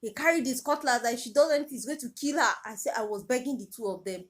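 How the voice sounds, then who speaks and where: A woman's voice: fairly high pitch, a little fast, hardly any pauses. Emotional Nigerian woman telling her story. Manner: emotional, urgent retelling with repeated phrases. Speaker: vlogger. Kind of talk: personal storytelling vlog.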